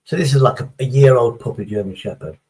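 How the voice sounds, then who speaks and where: A man's voice: medium pitch, fast talker, warm tone, low-quality recording. A man chatting casually on a live stream, rambling through a story and swearing heavily as he reads the chat.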